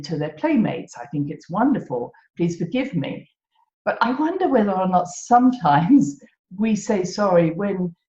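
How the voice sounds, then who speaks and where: British woman, self-mocking podcast host. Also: lowish voice. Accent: British English. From Britain. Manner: gentle, self-mocking, laughs often. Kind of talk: reflective solo podcast talk. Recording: echoey room, dull lo-fi sound.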